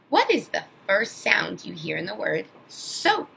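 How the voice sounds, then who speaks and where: A woman teaching an online phonics lesson to young children, sounding out words slowly and with exaggerated emphasis. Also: mid-range voice, huge pitch swings, vocal fry, bright, forceful tone, breathy edge, low-quality recording.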